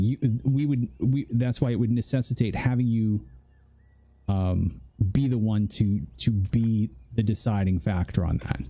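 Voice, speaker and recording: Man, game streamer, very dark mellow tone, mid pitch, chatty and joking, rambling. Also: husky. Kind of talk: casual gameplay commentary.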